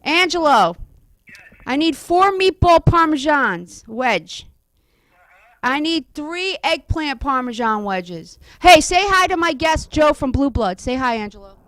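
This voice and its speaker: A woman hosts a casual talk show in a high, bright voice. She is bossy and quick, and she laughs often between lines. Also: sing-song, dry recording. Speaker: host. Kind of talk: casual chat.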